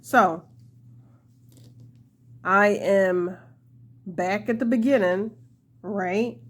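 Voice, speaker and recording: A woman's voice: medium pitch, extremely slow. A young woman hosting a casual crochet tutorial, chatty and laughing often as she talks to her viewers.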